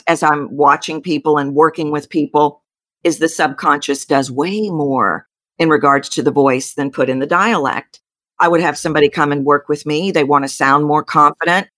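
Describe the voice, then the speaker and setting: A Texan woman with a low, deep speaking voice, telling her story with animated leaps up in pitch. The sound is dry and close, with no room around it. She talks like a seasoned voice coach giving an interview. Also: normal speed, no echo. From Texas. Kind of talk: interview guest.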